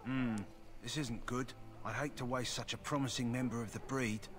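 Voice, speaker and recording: An actor playing a kennel master in a fantasy video game, speaking calmly and practically with concern for a sick dog. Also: male voice, mid-range voice, moderate pace, soft background music, natural voice. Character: concerned male kennel master who cares for dogs.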